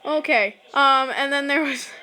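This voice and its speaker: Indoors at home, a teenage vlogger giggles and says "like" a lot as she rambles to a camera resting on a shelf. Her high voice comes across a little slow, pushed and bright, and the audio is poor.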